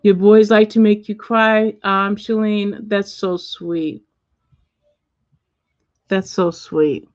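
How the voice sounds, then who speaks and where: A middle-aged woman hosts a relaxed livestream from home, chatting freely and answering her viewers' comments one by one. Her voice comes through a muffled, lo-fi mic in a dead, dry room with no echo. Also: medium pitch, slow, long pauses. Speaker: livestream host. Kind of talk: casual chat with viewers. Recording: dull lo-fi dry sound.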